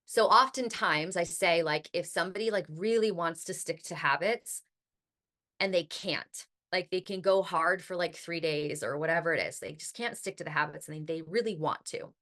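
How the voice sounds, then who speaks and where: In a chatty, casual podcast monologue, a woman host peppers her speech with "like" and an occasional swear word. Her voice is fairly low-pitched and a bit bright, at a normal speed.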